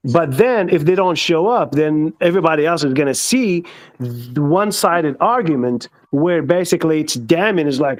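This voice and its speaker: A man's voice: a little high, animated, moderate pace. A man from the American South in a casual group voice chat, hesitant and thinking aloud with many fillers. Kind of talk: casual discussion.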